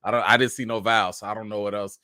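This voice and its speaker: A man's voice: lowish voice, steady tone, rapid-fire, bright, forceful tone, no room sound, studio quality. A man hosting a casual live chat, greeting viewers one by one and telling chatty stories. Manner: laughing, chatty storytelling. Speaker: livestream host.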